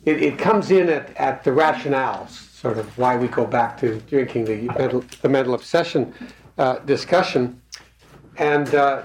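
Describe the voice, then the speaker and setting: Male group speaker, unscripted and hesitant; echoey room, light background noise. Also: medium pitch. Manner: hesitant, many fillers and restarts. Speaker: speaker at a recovery meeting. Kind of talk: casual talk to a group.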